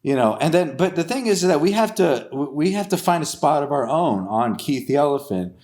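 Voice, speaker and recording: Man, podcast co-host, improvised comedy narration, rambling, lively swooping pitch. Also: fairly quick. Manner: rambling, laughing, many fillers.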